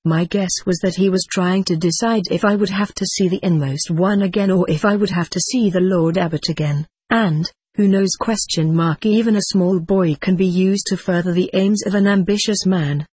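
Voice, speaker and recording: A woman reads a first-person story in a measured, even way. Her voice sits on the low side with a husky edge, and the recording is close and dry. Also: no echo. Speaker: narrator. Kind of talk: first-person audiobook narration.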